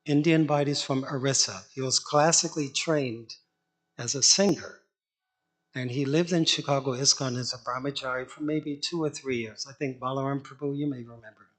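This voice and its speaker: A man telling anecdotes at a memorial, apologetic about the time and chuckling. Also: mid-range voice. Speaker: speaker at a memorial. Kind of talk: anecdotal eulogy.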